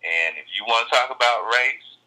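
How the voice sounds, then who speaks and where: Animated American comedian, bright voice. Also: male voice, medium pitch, normal speed, poor audio. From United States. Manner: animated, swings to loud emphatic outbursts. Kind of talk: casual podcast chat.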